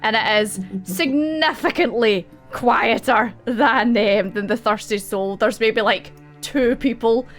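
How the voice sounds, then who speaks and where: A woman's voice: on the high side, takes it slowly, few pauses, faint music behind. A young Scottish woman narrating as game master, rambling and laughing often.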